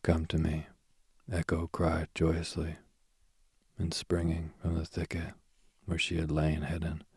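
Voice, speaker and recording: A man reads a myth as a sleep story, slowly and soothingly, sinking now and then into a whisper. His voice is extremely low and gravelly, with a breathy, husky texture. The sound is close and dry. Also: completely flat delivery, no echo. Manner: slow, soothing, drifting into whispers. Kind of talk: bedtime story reading.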